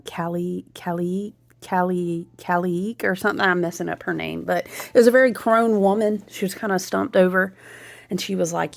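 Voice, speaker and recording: A woman speaks in a low, gravelly voice with lots of vocal fry. She tells a story in a chatty, animated way, like a casual vlog. She keeps checking in with her listeners as she goes. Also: normal speed, no room sound. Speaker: spiritual content creator.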